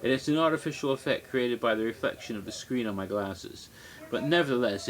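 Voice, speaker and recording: A man's voice: mid-range voice, brisk. A man rambling tipsily to his webcam in a casual monologue, easily sidetracked and giggly. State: tipsy. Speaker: vlogger.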